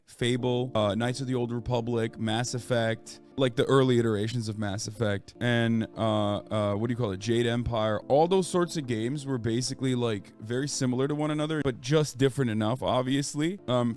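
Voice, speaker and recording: A man's voice: medium pitch, darkish tone. A man in his early thirties chatting casually and rambling to his stream audience. He is sick and curses freely. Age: 30s. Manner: rambling, profane, restarts and trails off. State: sick, stuffy.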